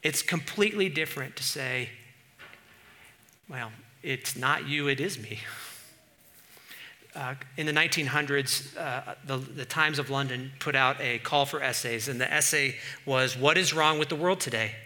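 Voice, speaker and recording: A middle-aged man preaching a sermon as pastor, animated, swinging from quiet asides to loud bursts. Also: medium pitch, moderate pace.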